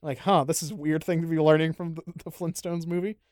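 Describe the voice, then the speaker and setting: Fast-talking crude podcast host, dry sound. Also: male voice, on the high side, fairly even intonation, a little mellow, no echo. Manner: rambling, crude, jokey. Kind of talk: casual chat.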